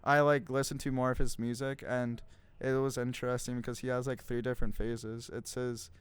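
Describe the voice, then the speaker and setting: A man's voice: mid-range voice, level tone, brisk, a little hiss or hum. A young man co-hosting a casual podcast, rambling with lots of fillers and frequent laughter. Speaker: podcast co-host. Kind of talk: casual chat. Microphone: studio mic.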